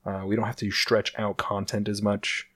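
A man's voice: on the low side, little pitch movement, normal speed, fairly bright tone, slightly rough. A man hosting a casual podcast, rambling with fillers and laughing often. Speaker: podcast host.

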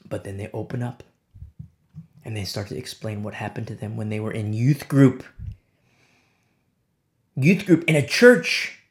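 A man preaching a sermon as pastor, swinging between low, hushed lines and sharp, high exclamations. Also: a little slow, pauses often.

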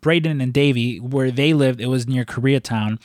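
A man's voice: mid-range voice, moderate pace, darkish tone, no echo, studio quality. A man from Chicago with a Chicago accent, chatting casually on a podcast, rambling through stories with lots of swearing and restarts.

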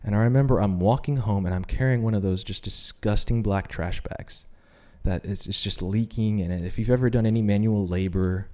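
A man with a lowish, mellow voice talks at a normal rate with few pauses. He earnestly recounts his personal faith journey in casual podcast conversation, giving voice to the people he quotes.

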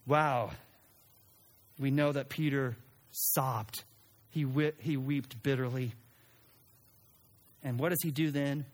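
A man preaching a sermon in an animated way, acting out quoted lines and sometimes restarting his sentences. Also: mid-range voice, slow pace, long pauses. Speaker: pastor.

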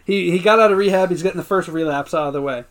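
A man's voice: high-pitched, fast talker, crowd noise. Laughing, rambling male podcast co-host. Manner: rambling, many fillers, laughs often. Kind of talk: casual episode recap.

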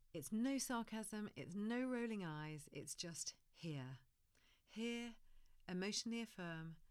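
A woman hosting a parenting podcast, talking in a gentle coaching way and dropping to a soft hush for comforting phrases. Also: mid-range voice. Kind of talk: solo podcast talk.

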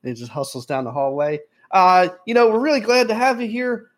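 Picture a flustered teenage navy clerk in a tabletop game, stammering through apologies and pitched a little higher than an ordinary grown voice, as a man puts him on. He is eager to please and tumbles over his own words. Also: sing-song, brisk. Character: nervous eager young male navy clerk, about eighteen.

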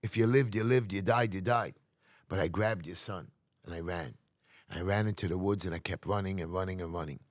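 Remorseful male ex-capo voiced by a man, low earnest pleading tone, dry recording. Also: fairly quick, no room sound. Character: remorseful male former capo explaining himself.

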